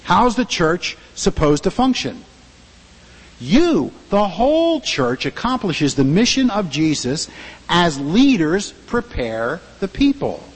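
A man's voice: sits high, huge pitch swings, takes it slowly, husky, long reverb tail, rough recording. A male pastor preaching a sermon in a church, emphatic and full of rhetorical questions to the congregation.

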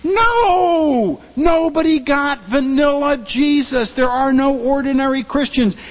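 A man's voice: very high voice, steady tone, a little slow, long reverb tail, low-quality recording. A male pastor preaching a sermon in a church, emphatic and full of rhetorical questions to the congregation.

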